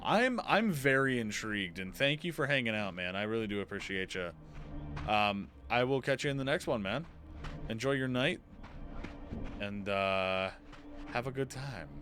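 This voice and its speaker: A man's voice: fairly low pitch, expressive, moderate pace. A young man streaming a game, chatting casually and rambling while he plays. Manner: rambling, chatty, self-interrupting. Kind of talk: casual live-stream chat.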